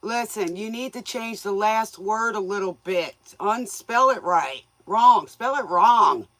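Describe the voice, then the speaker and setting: Woman host for a casual livestream: folksy, teasing, quick to laugh, medium pitch, dry recording. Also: fairly bright tone, dry recording. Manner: folksy, joking, laughs often; scolds viewers playfully. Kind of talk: casual livestream chat with viewers.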